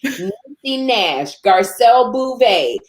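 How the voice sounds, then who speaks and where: A woman from Chicago, a guest telling lively stories in casual chat, laughing and acting out quotes. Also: takes it slowly. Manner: animated, laughs often, acts out quotes in higher voice. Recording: roomy echo.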